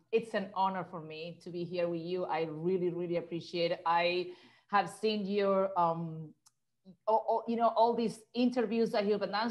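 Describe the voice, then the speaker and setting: A woman guest in an interview, speaking English as a second language in an effusive, grateful way. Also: mid-range voice. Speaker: guest, relationship expert. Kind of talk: casual interview.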